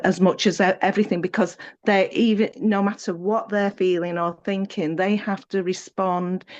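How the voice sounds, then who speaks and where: A woman telling a story as a guest over a video call, hesitant with many pauses and restarts. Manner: breaks into bright high voice when quoting. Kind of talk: casual storytelling chat. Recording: muffled video call audio.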